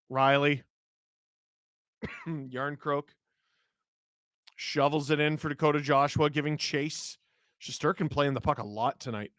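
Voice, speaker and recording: A hoarse man calls hockey live, rattling off the play quickly and bursting into loud shouts at big moments. His voice sits fairly high but is roughened by a cold. The sound is close and dry, with no room around it. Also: no room sound. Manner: rapid play-by-play with sudden excited shouts. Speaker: host, live game watch-along.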